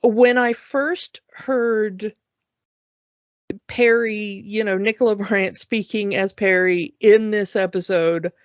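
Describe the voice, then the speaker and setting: Slow-talking woman podcaster. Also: mid-range voice, fairly even intonation, dry recording. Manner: chatty, drawn-out storytelling with fillers. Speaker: podcast co-host. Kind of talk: casual podcast chat. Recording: dull lo-fi podcast mic.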